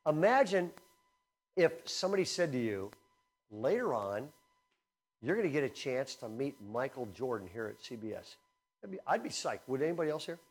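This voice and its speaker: A man preaching a sermon in a conversational style, energetic and swinging between loud emphasis and quiet asides. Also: mid-range voice, moderate pace, breathy edge. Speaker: speaker at a camp teaching session.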